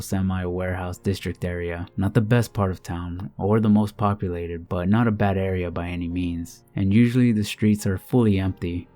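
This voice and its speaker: A man reading submitted true scary stories aloud, with a steady, even delivery. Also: sits low. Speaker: horror story narrator. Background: soft background music.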